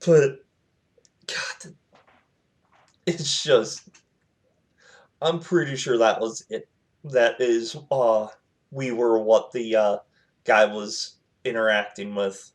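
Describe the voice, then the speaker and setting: A man's voice: mid-range voice, steady tone, slow, pauses often. A man telling a personal story to his channel in a casual, rambling way, with lots of fillers and quoted back-and-forth.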